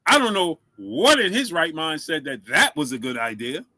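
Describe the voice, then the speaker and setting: Bright-voiced man hosting a casual live stream. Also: a little high, very animated, moderate pace, no echo. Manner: shouts out viewers, asks for likes; stumbles over words, repeats himself.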